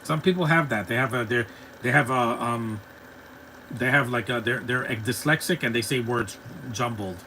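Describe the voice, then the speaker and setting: A man's voice: medium pitch, normal speed, bright, forceful tone, a little hiss or hum, low-quality recording. Chatty man reacting on a live stream. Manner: chatty, rambling, laughs easily, talks back to chat. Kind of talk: casual reaction commentary.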